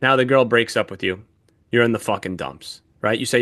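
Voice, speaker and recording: A man co-hosts a podcast, telling stories in casual chat with lots of swearing and an animated manner. His mid-range voice is brisk, recorded with studio quality and no room sound.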